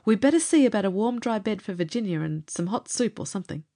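A woman's voice: medium pitch, lively intonation, fast, mellow, natural voice. A woman voicing the story's alarmed young male hero, speaking in a raised, urgent way.

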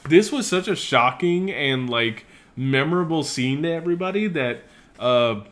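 A man's voice: a little high, expressive, normal speed, fairly bright tone. A man co-hosting a casual movie review chat, chatty, laughing often and swearing freely. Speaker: podcast co-host.

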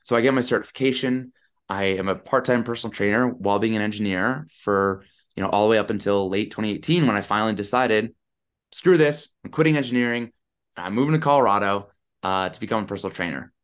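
Man, 30s, podcast guest on a video call, lowish voice, animated casual storyteller. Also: fast talker, clean tone. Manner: animated, chatty, lots of "I'm like".

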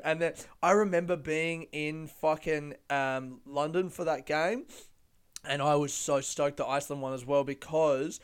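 A man hosting his own podcast in a loose, rambling chat, teary and laughing through tears as he swears and gets excited. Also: fairly high pitch, measured pace, clear, resonant tone. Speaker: podcast host. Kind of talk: casual solo podcast chat.

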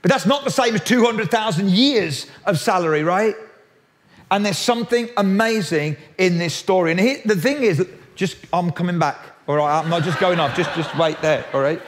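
A man preaching a sermon in a lively, jokey way, often restarting his sentences. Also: high voice, moderate pace, a little hiss or hum. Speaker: pastor.

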